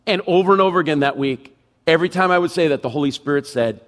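A middle-aged man preaching a sermon as pastor, emphatic, acting out inner thoughts and dropping low and quiet for the Spirit's words. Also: fast talker.

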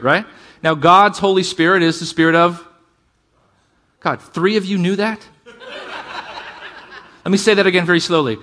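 A man preaching a sermon to a congregation, calling for amens and shifting between fast bursts and slow, quiet emphasis. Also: high-pitched. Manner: energetic preaching, calls for amens, varies pace and volume. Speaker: pastor.

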